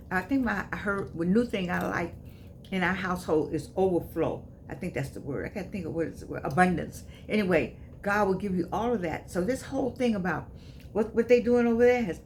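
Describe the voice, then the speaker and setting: A woman's voice: medium pitch, slight background noise. An older woman from the United States, hosting her own channel and talking casually to viewers with a repetitive, preacher-like cadence. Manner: chatty, preacher-like cadence, repeats phrases. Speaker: author and channel host.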